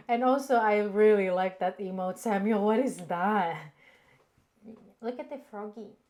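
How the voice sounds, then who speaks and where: A woman's voice: mid-range voice, unhurried, a little mellow. A woman co-hosting a live cooking stream, chatting casually, giggling and reading viewer comments aloud.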